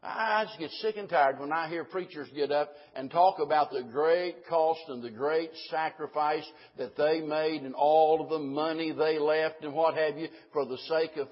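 A man's voice: fairly high pitch, lo-fi sound. A man preaching a sermon to a congregation, building from conversational asides to fervent, emphatic declarations.

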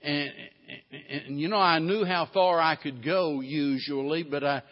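A man's voice: fairly high pitch, fairly even intonation, a little slow. A middle-aged pastor delivers a sermon, slipping between homespun stories and emphatic, rising preaching. His voice carries through a large reverberant church. The recording sounds slightly muffled. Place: church sanctuary.

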